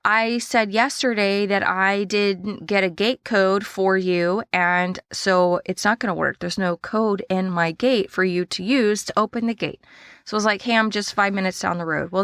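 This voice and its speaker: A woman hosting her own podcast talks in a casual, animated way, slipping into quoted dialogue as she retells events. Her voice sits at a middle pitch. The recording is dry and close, with no room sound. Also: smooth, no echo. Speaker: podcast host and small business owner. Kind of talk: casual solo podcast storytelling.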